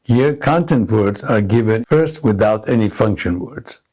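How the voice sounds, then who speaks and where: A man narrating a scripted English lesson, explaining pronunciation slowly and deliberately. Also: on the low side, lively intonation, a little mellow. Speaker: English teacher.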